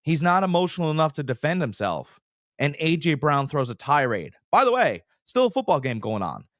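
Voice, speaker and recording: A man co-hosting a sports betting podcast, talking casually with big exaggerations and quick impressions. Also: on the high side, no echo, studio quality. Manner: animated, hyperbolic, jumps into little impressions. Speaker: podcast co-host.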